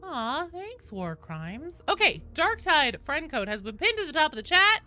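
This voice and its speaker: Woman game streamer, tired, bright and animated delivery, casual and salty. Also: high-pitched, a little slow. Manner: animated, swears casually, reads out chat names. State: sleep-deprived and tired. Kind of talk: casual live-stream chat.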